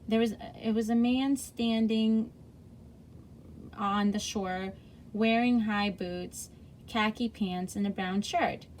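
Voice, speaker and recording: A woman's voice: medium pitch, steady tone, takes it slowly, darkish tone, slight background noise. A woman reading a chapter book aloud to children in a friendly way, with small slips and self-corrections.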